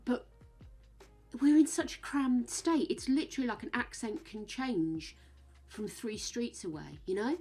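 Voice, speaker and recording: Husky English woman chatting while streaming. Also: fairly high pitch, expressive, a little slow, darkish tone, soft background music. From England. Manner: chatty and rambling, laughs often, drops to a whisper at times. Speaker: game streamer. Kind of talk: casual chat while gaming.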